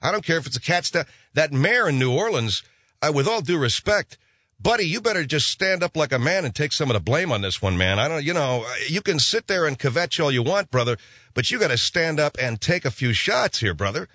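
A man's voice: on the high side, a little fast, dry recording. A man hosting a radio talk show, delivering a rambling comic monologue. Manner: rambling, animated, slips into mock voices.

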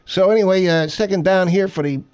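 A man's voice: high-pitched, brisk, darkish tone, smooth, lo-fi sound, lightly acted. A man voicing a washed-up, self-pitying middle-aged sportscaster doing play-by-play with brash announcer patter. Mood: rueful.

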